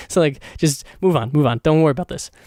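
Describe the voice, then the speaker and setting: A man's voice: a little high, quick pace, dark tone, no room sound, clean studio sound. A man hosting his own podcast, giving a casual, rambling, profane movie review full of fillers. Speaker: podcast host.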